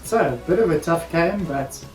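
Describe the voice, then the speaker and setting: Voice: medium pitch, normal speed, darkish tone, roomy sound, soft background music. A player casually co-commentating his own strategy game, joking and swearing casually.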